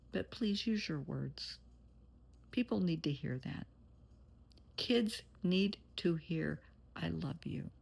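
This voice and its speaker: A woman's voice: deep voice, creaky, slightly rough. A woman therapist giving an earnest, motherly pep talk straight to her viewers, blunt at times. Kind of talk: encouraging direct-to-camera talk.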